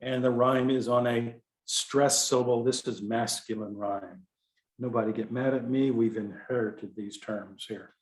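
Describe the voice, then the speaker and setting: A man's voice: medium pitch, fairly even intonation, measured pace, echoey room. A man with a Texan accent giving an informal poetry lecture, talking conversationally, digressing and correcting himself with fillers. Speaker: contest director teaching poetry explication.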